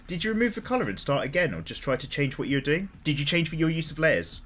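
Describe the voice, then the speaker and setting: A man in his thirties, an artist chatting casually on a live stream, talkative, openly emotional and quick to swear. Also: a little high, big pitch swings, a bit bright. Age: 30s. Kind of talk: casual livestream chat.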